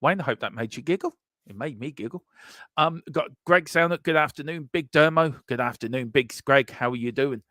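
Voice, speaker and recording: A boisterous man hosts a football news live stream in a loose, chatty way, boasting about being right and reading out viewer messages. His voice sits at an ordinary middle pitch and sounds dry and close, with no room around it. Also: brisk, pushed and bright, dry recording. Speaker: host of a football transfer news show. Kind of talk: casual live-stream chat.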